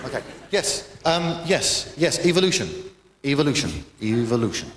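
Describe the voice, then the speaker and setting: A man's voice: medium pitch, very animated, moderate pace, a little hiss or hum. A man from Britain doing a stand-up routine, sardonic and profane, with rambling asides. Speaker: stand-up comedian. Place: comedy venue with live audience. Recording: echoey live venue, audience laughter.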